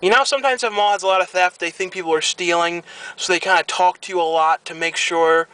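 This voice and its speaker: A young man vlogging, chatting casually and ranting with animated, rambling complaints. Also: sits high, quick pace, poor audio. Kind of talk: casual chat.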